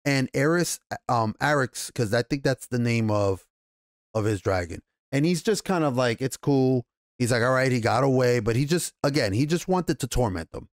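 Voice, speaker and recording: A man's voice: mid-range voice, expressive, moderate pace, no room sound, studio quality. A man with a New York accent casually recapping and reviewing an episode, swearing freely and acting out the characters' lines as he goes. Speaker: show reviewer.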